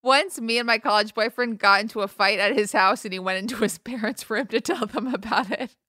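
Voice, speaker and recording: A woman's voice: a little high, brisk, sharp tone, dry recording, studio quality. A young woman co-hosting a casual chat, upbeat and chatty, laughing easily. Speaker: podcast co-host.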